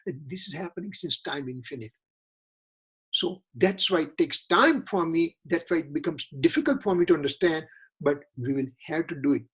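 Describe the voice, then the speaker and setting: A man's voice: on the high side, normal speed, a bit bright, breathy edge. A man leading a religious scripture study class, earnest and repetitive, often asking rhetorical questions.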